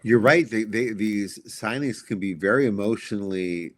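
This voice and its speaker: A man's voice: on the low side, normal speed, a bit bright. A man in his fifties as a podcast guest, talking casually and reflectively, often restarting his sentences. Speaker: guest comic writer.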